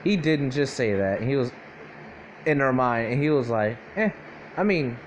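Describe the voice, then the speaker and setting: A young man with a mid-range voice improvises a fan-fiction story aloud at a normal speed, rambling, profane, and full of fillers and self-corrections. There's slight background noise in the recording.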